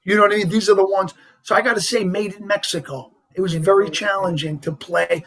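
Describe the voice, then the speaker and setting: A man with a heavy New York accent, talking as a guest in a casual interview, animated and rambling with lots of "you know" and "like". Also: sits high, a little fast, gravelly, crowd noise. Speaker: actor guest.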